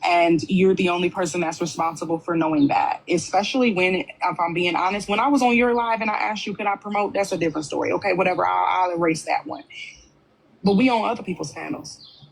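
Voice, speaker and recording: A woman's voice: lowish voice, fairly quick, creaky, slight background noise. A woman speaking on a livestream panel, blunt and heavily profane as she confronts another member. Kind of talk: heated livestream argument.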